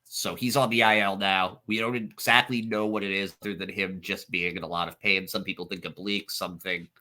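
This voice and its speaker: Low, bright-voiced man giving a sports rundown. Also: little pitch movement, brisk. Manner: matter-of-fact, detailed rundown. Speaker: podcast co-host. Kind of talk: casual sports chat.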